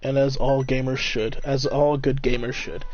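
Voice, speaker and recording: A man's voice: medium pitch, flat delivery, normal speed, darkish tone. A young man streaming a game, joking, emotional and casual as he reads dialogue aloud. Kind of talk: gameplay commentary, reading dialogue aloud. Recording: dull lo-fi mic, faint music.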